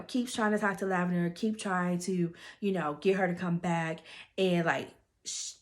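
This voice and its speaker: A woman with a lowish voice recapping a story in chatty, gossipy fashion, full of fillers and asides. She sounds like she is spilling the tea to a friend. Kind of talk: casual plot recap.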